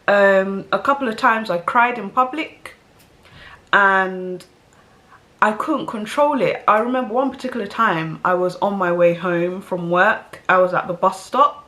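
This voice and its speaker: Young woman vlogger, conversational and rambling, slightly congested, mid-pitched. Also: measured pace, sharp tone. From South London. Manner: chatty, rambling with fillers and self-aware asides. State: stuffy nose from hay fever. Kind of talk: casual storytelling to camera.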